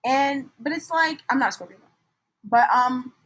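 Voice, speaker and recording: A young woman giving a casual tarot reading, animated and blunt, swinging from soft muttering to loud outbursts. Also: high-pitched, moderate pace, low-quality recording. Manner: animated, swings from soft mutters to shouts, laughs often, swears. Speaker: tarot reader.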